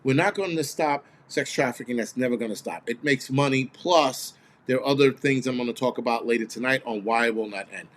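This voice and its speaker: Guy on his channel ranting, swears a lot, middle pitch, bit of faint noise behind. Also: brisk. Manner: blunt, profane, heated. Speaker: host of a prepper channel. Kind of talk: casual ranting video monologue.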